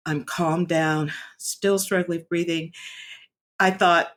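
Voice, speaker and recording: A woman's voice: on the low side, steady tone. Earnest woman telling her own story. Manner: reflective and earnest, halting with frequent restarts. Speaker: vlogger sharing a personal story. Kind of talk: candid personal vlog.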